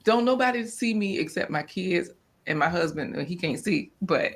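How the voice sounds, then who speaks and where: A woman co-hosting a casual live-stream chat about gardening and food, informal and quick to laugh. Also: fairly low pitch, lively intonation. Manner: chatty and informal, laughs often. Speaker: co-host of a homestead live chat. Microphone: off-camera, voice only.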